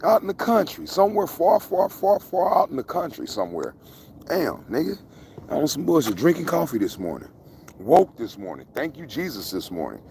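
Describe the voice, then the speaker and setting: A man's voice: on the high side, huge pitch swings, moderate pace, gravelly, a little mellow, slight background noise. A man casually rambling to his viewers outdoors in the country, joking and cursing freely. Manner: profane, joking, talks to viewers. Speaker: vlogger. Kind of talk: casual rambling livestream vlog.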